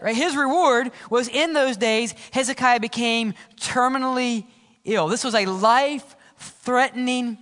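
Male pastor, middle-aged, sermon, high voice, dynamic then hushed delivery, long church reverb. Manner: dynamic preaching, drops to soft low tones on key lines. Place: church sanctuary.

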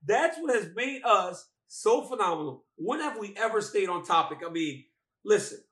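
A man's voice: high-pitched, big pitch swings, moderate pace, fairly bright tone. A man co-hosting a fight talk show over a video call from a hotel, teasing and joking in a loose, repetitive way. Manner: playful, teasing, repeats himself, laughs often. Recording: echoey room.

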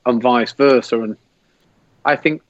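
As a podcast guest on a video call, a man from England tells a rambling story, laughing and animated as he retells it. His mid-range voice moves at a measured pace, and the audio is muffled though free of echo.

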